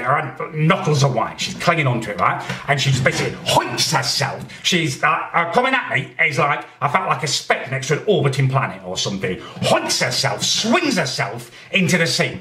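A man's voice: medium pitch, bright, forceful tone, distant mic. A man ranting indignantly to camera in a comic monologue, swearing as he tells his story. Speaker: character comedian ranting to camera. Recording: echoey room.

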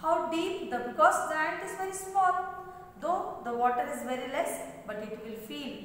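Woman teacher going over a poem slow and repetitive, pretty high voice, mixes in kannada for word meanings, mic far away. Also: animated, a bit bright. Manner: slow, repetitive, switches into Kannada to explain words. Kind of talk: English lesson explaining a poem. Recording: echoey far-off room recording.

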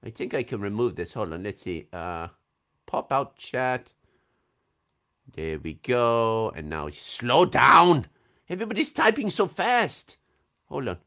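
Man, voice actor, livestream fan Q&A, video call, unhurried, playful, laughs often. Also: medium pitch, big pitch swings, sharp tone. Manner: playful, laughs often, reads chat comments aloud. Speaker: voice actor answering fan questions. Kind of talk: casual livestream Q&A.

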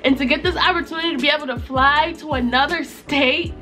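A woman's voice: high-pitched, brisk, soft background music. A young woman from New York state talking straight to camera, emphatic and repetitive, crying happy tears. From Utica, New York. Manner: emphatic, repeats herself, tearful excitement. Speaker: YouTuber. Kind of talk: casual vlog chat. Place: at home in front of a mirror.

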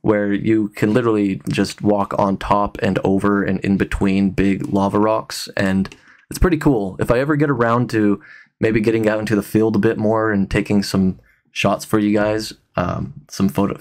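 Low-voiced man rambling through a tutorial. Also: moderate pace. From Utah. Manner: relaxed, rambling, frequent ums and restarts. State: tired, yawning. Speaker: tutorial host. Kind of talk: casual screen-recorded software tutorial.

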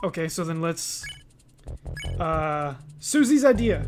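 Brief: chatty gaming host, animated and reactive, casual commentary. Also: male voice, extremely high pitch, music in the background. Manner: excitable, chatty, quick to exclaim. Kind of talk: casual let's play commentary.

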